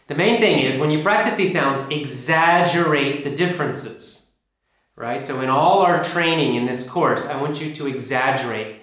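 A man teaching an English pronunciation lesson, drilling sounds and words slowly and emphatically. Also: medium pitch, fairly bright tone. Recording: echoey room.

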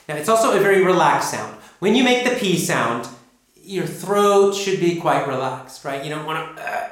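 A man teaching an English pronunciation lesson, drilling sounds and words slowly and emphatically. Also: fairly high pitch, lively intonation, a bit bright. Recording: echoey room.

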